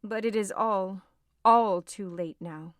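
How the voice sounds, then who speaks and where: A woman's voice: medium pitch, unhurried, no room sound, natural voice. A woman reading an audiobook voices a distraught young woman, agitated and close to tears. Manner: agitated, tearful pleading.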